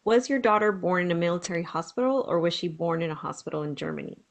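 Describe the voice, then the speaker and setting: Brisk woman asking questions. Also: fairly low pitch, animated. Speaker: interviewer.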